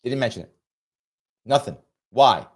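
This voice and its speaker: Animated, emphatic male political commentator. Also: medium pitch, unhurried. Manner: emphatic, repetitive, reads viewer super chats. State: recovering from a cold, coughing.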